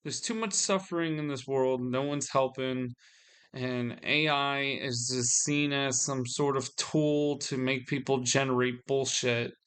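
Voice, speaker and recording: A man's voice: mid-range voice, fairly even intonation, unhurried, fairly bright tone, smooth. A man venting to his audience in a solo video, weary and frustrated, often restarting his sentences. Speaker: vlogger.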